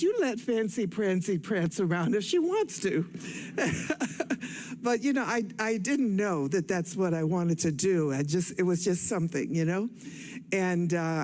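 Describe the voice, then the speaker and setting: An older woman from Cleveland, giving an excited, rambling personal speech from a stage, a bit out of breath. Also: lowish voice. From Cleveland, Ohio. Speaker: guest speaker at an awards event. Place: stage at an event.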